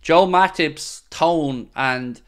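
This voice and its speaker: A young podcast host reads out live-chat comments, chatting casually and opinionatedly with frequent fillers and asides. His voice is a little high, clear and resonant, and extremely slow.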